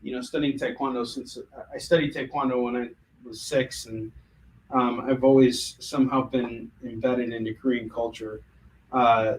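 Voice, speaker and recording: An American man chats casually on a livestream, jumping between comic sales and stories with lots of ums and restarts. His voice sits at an ordinary middle pitch. Faint noise hums behind him. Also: normal speed, poor audio. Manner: animated, jokey, hesitant with fillers. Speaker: host selling comics.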